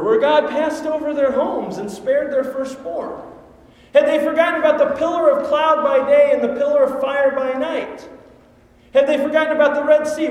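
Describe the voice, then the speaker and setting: High-voiced pastor in an echoing hall. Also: male voice, muffled recording. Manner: storytelling, rhetorical questions. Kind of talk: sermon. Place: large echoing church hall. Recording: echoey hall reverb.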